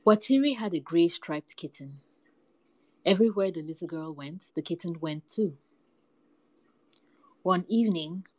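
A woman reading folktales aloud with a lively, varied storytelling delivery. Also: lowish voice, dry recording, low-quality recording.

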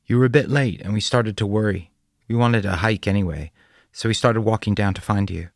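A man's voice: lowish voice, a little fast, no room sound, studio quality, pitched above the performer's own voice, natural voice. A man voicing a friendly woman who leads a retreat group and talks in a welcoming, folksy way.

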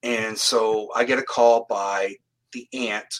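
A man's voice: on the low side, steady tone, slow, a bit bright, poor audio. A man from Canada, a psychic medium guest in an interview, telling his stories in an earnest, plain-spoken way and often restarting his phrases. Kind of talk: storytelling in an interview.

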